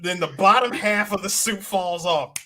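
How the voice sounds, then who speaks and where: A man's voice: high-pitched, normal speed, a loud crowd. A man co-hosting a casual comedy podcast, restarting his lines several times before landing a joke. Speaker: podcast co-host.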